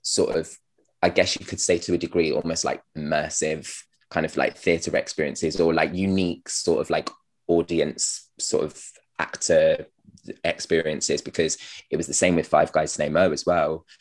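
A man's voice: a bass voice, level tone, moderate pace. A man, an actor, chatting casually as a podcast guest, rambling with many fillers and restarts and laughing at his own stories. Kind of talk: casual interview chat.

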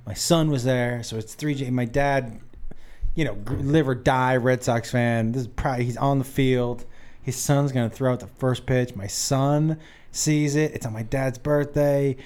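A man's voice: mid-range voice, moderate pace, clear, resonant tone. A man from Massachusetts hosting a podcast, joking and teasing in casual chat. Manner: joking, teasing, lively storyteller. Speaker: podcast host.

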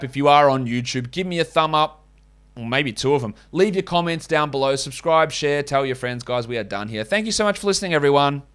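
A man's voice: fairly high pitch, fairly bright tone, clear, resonant tone. A man with an Australian accent hosting a solo sports podcast in a casual, blunt, opinionated way, swearing now and then. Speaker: fantasy basketball podcast host.

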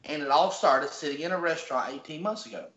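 Heard through echoey, dull lo-fi audio, a Georgia-accented app founder gives a folksy, motivational podcast interview, frequently starting sentences over. He talks fast in a fairly high, fairly bright voice.

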